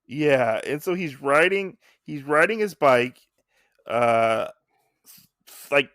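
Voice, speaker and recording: Recapping a comic chapter on a casual podcast he co-hosts, a man with a mid-range voice talks slowly and animatedly, voicing the characters' lines. The studio-quality audio has no echo.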